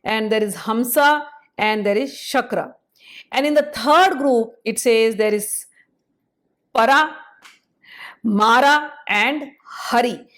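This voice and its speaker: A woman, explaining scripture in a measured spoken lecture and pausing to spell out syllables. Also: a little high, a bit bright.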